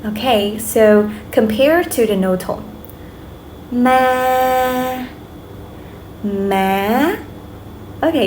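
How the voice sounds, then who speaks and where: A woman's voice: medium pitch, darkish tone, slight background noise. A young woman with a Vietnamese accent teaching a language lesson, speaking patiently and saying "okay" often. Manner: slow, patient, repeats drills, many "okay"s. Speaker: language tutor.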